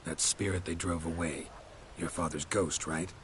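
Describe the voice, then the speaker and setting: A man's voice: fairly even intonation, moderate pace, natural voice. An actor playing a blunt, terse male monster hunter in video game dialogue. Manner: blunt, terse, low-key. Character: gruff male monster hunter questioning a villager. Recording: game audio with ambient noise.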